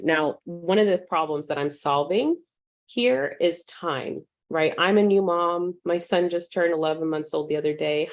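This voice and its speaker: A woman with a slightly low voice leads a live virtual class in a relaxed, upbeat way. She talks casually and is peppered with ums. She breaks off to welcome attendees by name. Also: creaky. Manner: uses fillers like um. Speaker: online course instructor.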